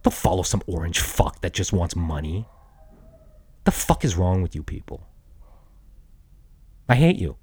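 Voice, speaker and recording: A man in his thirties, a podcast host, delivering an angry, profane solo rant with shouted bursts. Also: low voice, sing-song, a little slow, long pauses, slightly rough. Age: 30s.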